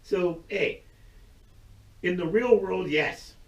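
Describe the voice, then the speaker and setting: A YouTube channel host rants to camera, blunt and profane, rambling casually and laughing often. His voice is high-pitched, slow, and full of vocal fry. He is far from the mic, so the audio sounds muffled and roomy.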